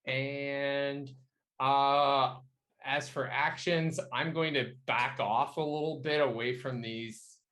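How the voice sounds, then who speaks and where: A man with a voice of middle pitch plays a tabletop game. He describes what his character does in a loose, joking way and often stops to start over. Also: fairly even intonation, takes it slowly, a bit bright, rough recording. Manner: casual, joking, with restarts. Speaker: player.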